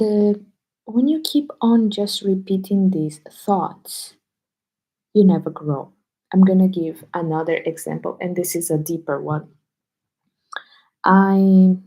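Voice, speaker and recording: A woman teacher on a live stream, speaking low and hushed at home so she won't wake people sleeping nearby. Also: rough recording.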